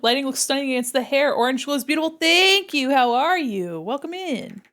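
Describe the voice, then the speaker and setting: A young woman with a slightly high voice chats loosely to her stream chat while she draws, giggling often and answering viewer messages as they come in. Her talk is relaxed and a little scattered, and a desk mic picks her up. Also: fairly quick. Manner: chatty, giggly, reads chat aloud while drawing. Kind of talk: casual art livestream chat.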